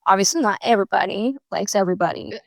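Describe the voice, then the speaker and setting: A woman's voice: mid-range voice, rapid-fire, vocal fry, no room sound, studio quality. A woman hosting a podcast, chatting casually and reacting to her guest in a friendly, conversational way. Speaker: podcast host. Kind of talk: casual interview chat.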